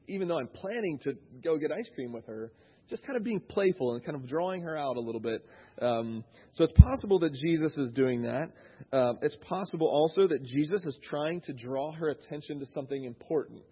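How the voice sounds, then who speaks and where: A man's voice: a little high, lively intonation, brisk, husky, dull audio. A man in his thirties, a pastor giving a conversational sermon, thinking aloud with frequent restarts.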